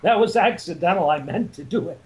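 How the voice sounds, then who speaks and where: A man's voice: sits high, lively intonation, fairly quick. Laughing man telling crude school stories. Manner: laughing storyteller, crude joking. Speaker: old school friend. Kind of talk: casual reminiscing. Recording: noisy background.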